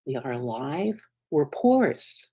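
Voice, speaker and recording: A woman's voice: very animated, takes it slowly, slightly rough. Earnest conversational woman minister preaching. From United States. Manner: conversational, earnest, asks the congregation "right?"; swings between soft low asides and sudden bright emphatic peaks. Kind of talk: sermon.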